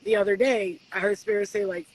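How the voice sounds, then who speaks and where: Animated, swearing woman doing spiritual readings. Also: medium pitch, a little fast, vocal fry, slight background noise, poor audio. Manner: animated, swears freely, acts out talks with spirits. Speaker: spiritual reader. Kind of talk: casual live-stream chat.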